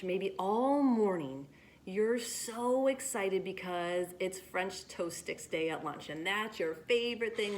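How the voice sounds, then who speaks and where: Encouraging woman teaching young kids. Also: mid-range voice. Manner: gentle, encouraging, talks directly to kids. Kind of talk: reading aloud and teaching children.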